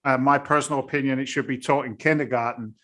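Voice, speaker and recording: A man's voice: medium pitch, fairly even intonation, fast talker, fairly bright tone. A man, a guest in a casual interview, telling his story bluntly and with animation. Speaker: guest, real estate investor.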